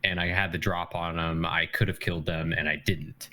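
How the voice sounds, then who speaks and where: A man with a very low voice talks through a story at a game table. He halts often and fills the gaps with pauses and hesitations. His delivery is casual and unpolished. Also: flat delivery, sharp tone. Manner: halting, with many fillers. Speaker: player.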